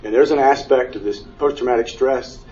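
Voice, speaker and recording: A man's voice: mid-range voice, a little fast, a little mellow. A middle-aged man giving an earnest personal testimony to a conference audience, his storytelling growing emotional when he is moved. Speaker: panel speaker sharing his near-death experience. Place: conference room before an audience. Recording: distant, dull mic with faint hiss.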